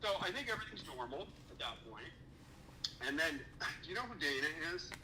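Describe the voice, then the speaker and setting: A man's voice: a little high, big pitch swings, fairly quick, very noisy. A man telling a heated story as a podcast guest, cursing often and acting out the dialogue he quotes. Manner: profane, indignant, acts out quoted dialogue. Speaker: podcast guest recounting a business dispute.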